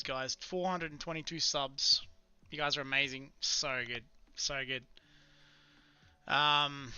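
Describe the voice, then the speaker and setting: A man's voice: on the high side, pushed and bright, clean tone, no room sound, muffled recording. A man chatting casually through a live trading stream, muttering to himself about his charts. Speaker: live-streaming futures trader.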